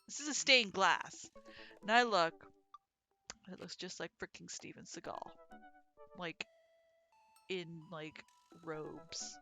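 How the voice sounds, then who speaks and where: A woman streams a game with lively, casual commentary and rambling anecdotes. Her voice is bright and forward, with a soft game soundtrack underneath. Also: lowish voice, normal speed, faint music behind. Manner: animated, chatty, swears and laughs. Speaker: let's play streamer. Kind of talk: casual gameplay commentary and storytelling.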